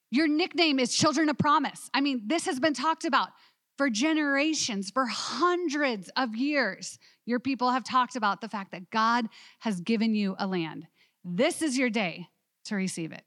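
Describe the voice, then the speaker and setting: Animated woman teaching Bible study. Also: a little high, dry recording, clean studio sound. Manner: animated, asks the class questions.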